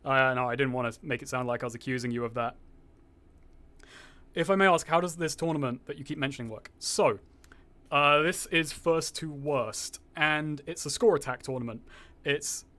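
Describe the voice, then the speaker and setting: A man's voice: mid-range voice, bright, forceful tone. A young man streaming a game, chatting casually with viewers, rambling, swearing freely and reading chat aloud, with a slightly posh-sounding voice. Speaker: gaming streamer.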